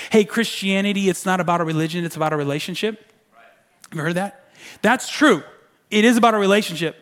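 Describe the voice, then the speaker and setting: A male pastor delivers a sermon with a notably high voice for a man. He talks in a conversational, animated way and drops into soft, pleading asides. He sounds like a man in his thirties.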